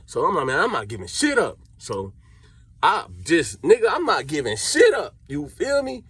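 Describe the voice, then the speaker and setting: A man's voice: mid-range voice, normal speed, husky. A young man with a Cleveland accent telling a story in casual street slang, acting out what people said. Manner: animated street slang storytelling, acts out quotes.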